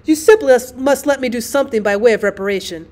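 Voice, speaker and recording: A woman reading an apologetic young gentleman. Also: on the high side, natural voice. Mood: earnest. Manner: earnest, apologetic, hurried. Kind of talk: audiobook character reading.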